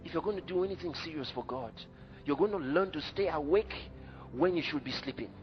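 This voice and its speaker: A man with a fairly high, animated voice preaches a sermon at a brisk pace, emphatic and dramatic. The recording is dull and echoey, made in a hall with faint music in the background.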